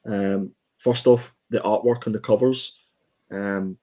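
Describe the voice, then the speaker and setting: Guy, lowish voice, chatty comic review, lots of ums and restarts. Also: fairly even intonation, slow pace, mellow. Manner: hesitant, many ums and restarts. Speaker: comic book podcast co-host. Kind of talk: casual review chat.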